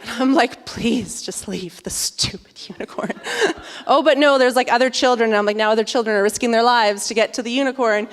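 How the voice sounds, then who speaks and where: A woman in her thirties giving a sermon, telling a lively, chatty story full of "like"s. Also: fairly high pitch, fast, few pauses, smooth. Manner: animated, chatty storytelling with many "like"s. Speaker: speaker at a church service. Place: church sanctuary. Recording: long hall reverb.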